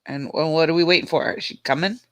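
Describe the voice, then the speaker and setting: A woman co-hosting a casual livestream, brisk and prodding the host to get on with it. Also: low voice, no echo.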